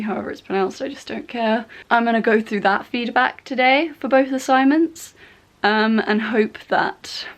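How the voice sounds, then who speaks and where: A young woman vlogger venting in casual chat, exasperated and chatty. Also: a little high. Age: young adult. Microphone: compact camera.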